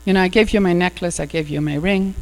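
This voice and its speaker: A woman's voice: on the low side, fast, a little mellow, close to an everyday voice. A desperate young maiden, as a woman voices her. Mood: pleading. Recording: echoey hall with mains hum.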